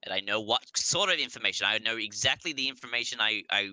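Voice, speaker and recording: Rambling bright-voiced player. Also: male voice, on the low side, lively intonation, fast, dry recording. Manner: rambling, stumbling over words, swears casually. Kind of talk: casual tabletop play.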